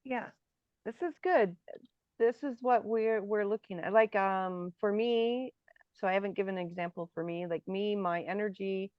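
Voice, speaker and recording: A woman co-hosting a live spiritual Q&A, talking reflectively and pausing to search for words. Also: mid-range voice, no echo. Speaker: spiritual workshop co-host. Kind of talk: live Q&A discussion. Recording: dull lo-fi sound.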